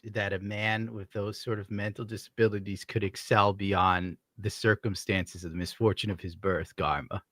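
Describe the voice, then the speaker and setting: Male stream host, sarcastic and profane, bright forceful tone, dry mic. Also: lowish voice, flat delivery, moderate pace, hardly any pauses, dry recording. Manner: sardonic, profane. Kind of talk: casual stream banter.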